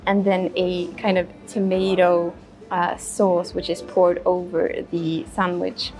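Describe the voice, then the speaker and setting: A woman narrating a casual travel vlog while walking around a city, relaxed, with plenty of ums and uhs. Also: on the low side, slow, faint music behind. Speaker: travel vlogger. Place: outdoors in a city.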